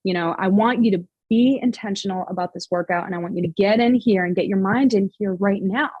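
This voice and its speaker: A woman's voice: medium pitch, fairly quick, husky, no room sound, dull audio. A woman fitness coach, a guest in a podcast interview, explaining her methods earnestly with many fillers and restarts.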